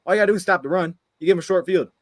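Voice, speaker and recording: A man's voice: high voice, very fast, dry recording. A man co-hosting a sports podcast, ranting heatedly after a game and firing off frustrated rhetorical questions. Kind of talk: heated post-game rant.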